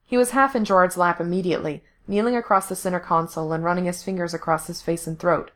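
Low-voiced woman reading a story. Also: fairly even intonation, fast, a bit bright. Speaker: narrator. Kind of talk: reading fan fiction aloud.

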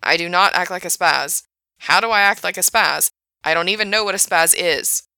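A woman voicing a brash, flustered young man who gets defensive and swears a lot, read in her own bright, low voice. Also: measured pace, vocal fry, dry recording, exaggerated voice. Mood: indignant.

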